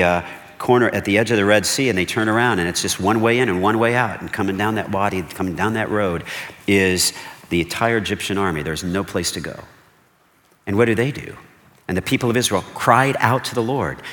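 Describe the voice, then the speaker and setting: A lower-voiced male pastor preaching with lively energy, firing rhetorical questions at his listeners and acting out quick exchanges. His voice rings through a large hall with a long, trailing reverb. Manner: animated preaching with rhetorical questions and acted-out dialogue. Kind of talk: sermon.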